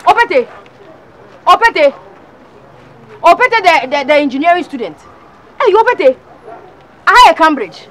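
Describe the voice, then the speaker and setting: A woman's voice: extremely high pitch, sing-song, unhurried, long pauses, full character voice, poor audio. An actress in a comedy skit playing a woman with a Ghanaian accent who taunts and calls out a student. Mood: taunting. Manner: taunting, calling out loudly.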